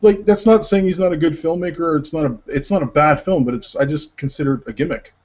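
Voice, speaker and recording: A man's voice: on the high side, fast. A man co-hosting a casual podcast chat, rambling with lots of filler words as he tells stories. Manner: rambling, many filler words, animated retelling. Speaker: podcast co-host. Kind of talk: casual chat about movies. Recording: dull lo-fi sound.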